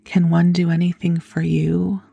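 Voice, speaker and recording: A woman's voice: low voice, monotone, measured pace, vocal fry, slightly rough, no room sound, full character voice. A woman whispering a prim French governess with a French accent, formal and clipped, in whispered role-play.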